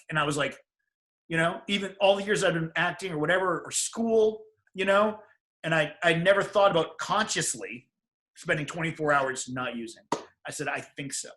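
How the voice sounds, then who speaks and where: Bright-voiced man telling his story. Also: a little high, moderate pace. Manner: animated, acts out quoted voices. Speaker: guest. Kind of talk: casual interview storytelling.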